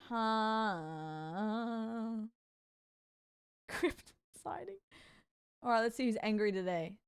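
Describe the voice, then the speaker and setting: A woman streamer chats with her viewers and reacts to clips, laughing often and exclaiming in amusement. Her voice sits high and swoops lively up and down, while her talk moves at an unhurried pace. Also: smooth. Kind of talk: casual live-stream chat, reacting to clips.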